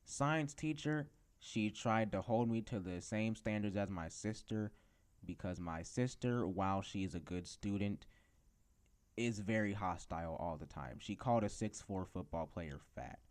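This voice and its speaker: A man's voice: on the low side, measured pace, darkish tone. A teenage boy hosting a podcast, telling rambling school stories in a casual rant full of fillers. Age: teens. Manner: rambling storytelling with many fillers. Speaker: podcast host.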